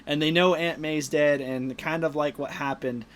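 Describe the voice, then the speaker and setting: A man's voice: a little high, steady tone, moderate pace, a little hiss or hum. A young man co-hosting a casual movie podcast, retelling scenes at length with lots of "like". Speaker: podcast co-host. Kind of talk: casual movie review chat.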